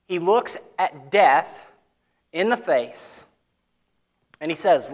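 A man delivers a sermon in a loose, conversational style. His voice sits a little high for a man. He leans hard into emphatic lines, then drops to soft, low asides. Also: sing-song, extremely slow. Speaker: pastor.

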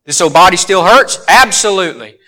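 A man preaching a sermon in a church, telling folksy stories that suddenly rise loud. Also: sits high, lively intonation, brisk.

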